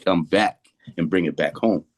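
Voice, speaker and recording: A man's voice: low-pitched, normal speed. A man in his thirties from Massachusetts, a hip-hop artist talking casually as a guest in an interview, telling stories full of slang and restarts. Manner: storytelling with slang, many restarts.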